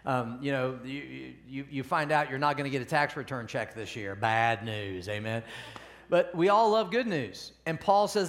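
A pastor preaching a conversational sermon at a church service, often asking the congregation questions. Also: male voice, medium pitch, moderate pace.

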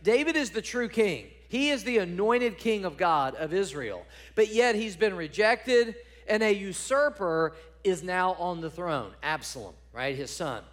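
A man's voice: high voice, animated, measured pace, few pauses, a bit bright. A man preaching a sermon as pastor, emphatic, repeating words and asking the congregation direct questions.

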